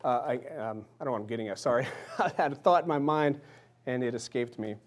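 Talking fast, a man in his thirties delivers an informal sermon as if chatting with the room. "Right?" and "amen?" pepper his lines, and he sometimes performs little voices or lowers himself to a soft hush.

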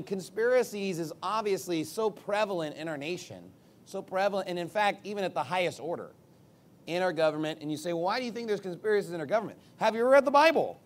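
A man preaching a sermon in an emphatic, combative way, with sarcastic asides and big swings in pitch and loudness.

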